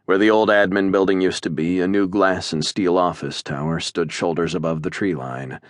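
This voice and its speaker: A man narrating an audiobook in the first person, measured and even, on a close studio mic. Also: low-pitched, no echo.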